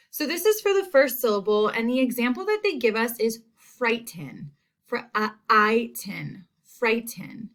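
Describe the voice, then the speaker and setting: Slow, deliberate woman teaching spelling. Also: a little high, a bit bright. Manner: slow, drawn-out repetition of words. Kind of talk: spelling lesson for children. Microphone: home recording.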